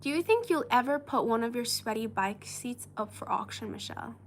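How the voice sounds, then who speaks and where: A woman's voice: fairly high pitch, lively intonation, a little fast, a little hiss or hum. Giggly, hesitant woman streamer. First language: Chinese. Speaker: livestream host. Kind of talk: casual chat reading viewer comments.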